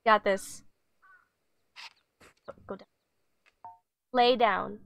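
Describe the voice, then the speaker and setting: A woman's voice: medium pitch, fairly even intonation, very slow, gravelly, fairly bright tone. A woman streaming a pet video game, coaxing her virtual dog with giggly, chatty commentary. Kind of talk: casual game livestream commentary.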